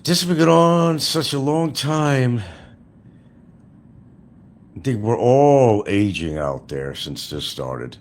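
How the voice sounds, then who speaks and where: A man's voice: low-pitched, a little hiss or hum. A man giving a sarcastic ranting commentary as a YouTube commentator, hammering points through repetition.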